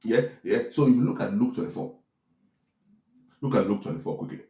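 A man's voice: on the low side, animated, a little fast, mellow. A man preaching a Bible teaching, often checking in with his listeners with "right?" and "are we together?". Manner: preaches with many "right?" tag questions. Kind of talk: sermon. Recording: echoey room.

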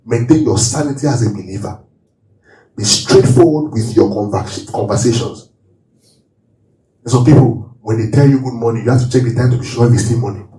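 This sermon comes from a pastor whose mid-range voice is warm and a little fast. He draws his congregation into call-and-response Bible reading and explains the verses. The recording picks him up from far away in a large, echoing hall.

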